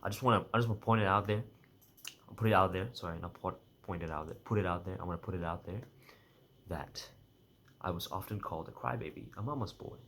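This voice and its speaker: A young man vlogs in a casual personal monologue, his voice low, quick and a bit bright. He rambles and corrects himself, half-joking his way through his thoughts.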